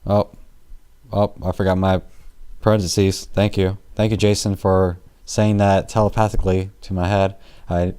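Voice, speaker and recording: A man's voice: lowish voice, normal speed, a little mellow. A man teaching programming in a casual, rambling way, full of fillers, jokes and self-corrections, with keyboard typing behind him. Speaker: programming tutor. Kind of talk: casual screen-recorded coding lesson.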